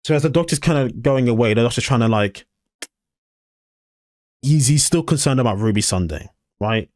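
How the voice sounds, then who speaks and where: A male podcast co-host chatting casually and bluntly, swearing freely and slipping into little acted-out scenes. His voice sits in a middle pitch. The recording is bone-dry, with no room sound at all. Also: expressive, normal speed, darkish tone, no room sound. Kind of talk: casual review chat.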